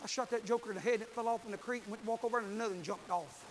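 High-voiced fervent preacher man. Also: steady tone, rapid-fire, a little hiss or hum. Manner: fervent, folksy storytelling with bursts of shouting. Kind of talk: sermon. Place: church.

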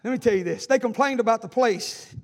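A man's voice: very high voice, fairly quick. A man preaching a fiery sermon, repeating lines with emphasis. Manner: Southern preacher cadence, repetitive and emphatic, acting out quoted voices. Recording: echoing hall.

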